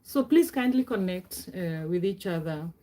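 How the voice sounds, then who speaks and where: Hosting a laid-back live stream, a middle-aged woman chats freely and greets viewers by name, with plenty of laughter and throat clearing. She has a lowish, mellow, expressive voice and speaks at a moderate pace.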